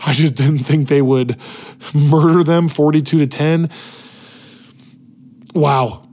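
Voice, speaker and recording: A man hosting a weekly football podcast, his voice worn out and hoarse, talking in an energetic, opinionated way. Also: a little high, slow pace. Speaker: podcast host. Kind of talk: casual sports talk. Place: hotel room in Las Vegas.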